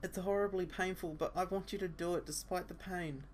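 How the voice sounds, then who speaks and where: A man voicing a shy but determined teenage schoolgirl in pain, reading a visual novel aloud with a raised, soft voice. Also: high voice, fairly even intonation, fairly quick, a little hiss or hum, pitched above the performer's own voice, close to an everyday voice. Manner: pained, pleading.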